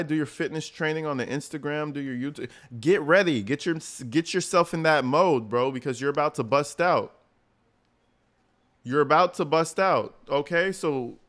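A man's voice: on the high side, a bit bright. A man giving blunt, slangy reaction commentary as host, mocking and advising.

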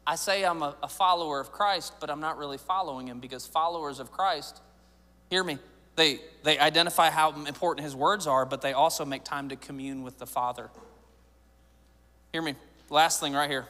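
Bright-voiced joking pastor, church hall. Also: male voice, on the high side, normal speed. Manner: conversational and joking, with rising emphatic build-ups. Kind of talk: sermon. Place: church sanctuary.

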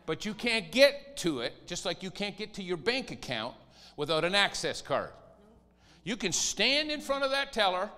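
A high, bright-voiced man preaches with lively swings in pitch, acting out whiny pleas along the way. His voice rings through a church hall with a long reverb tail. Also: moderate pace. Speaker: pastor. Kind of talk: sermon.

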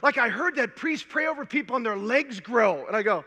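An older man tells a personal story from a conference stage, animated and humorous. His voice sits very high and sounds strikingly bright. A long reverb from the hall trails behind every phrase. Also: brisk. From Minnesota, USA. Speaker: conference speaker. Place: large hall.

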